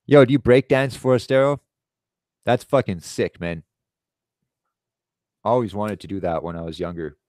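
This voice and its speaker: A man's voice: lowish voice, normal speed, long pauses, dry recording, studio quality. A man in his thirties hosting a live stream, telling long profane anecdotes in a rambling casual way and acting out the other people in them. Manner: profane, animated storytelling with quoted voices.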